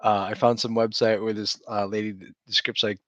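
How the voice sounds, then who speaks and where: A man's voice: lowish voice, flat delivery, brisk, fairly bright tone, no room sound, dull audio. A man co-hosting a casual podcast, easygoing and rambling, chuckling as he talks. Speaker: podcast co-host. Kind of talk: casual chat.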